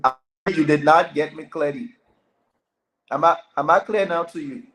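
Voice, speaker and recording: Male panel host on a streamed call, raised pitch, courteous and a bit halting. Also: fairly bright tone, low-quality recording. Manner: polite, apologetic, hesitant restarts. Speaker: show host. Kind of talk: online panel discussion. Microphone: remote streaming call.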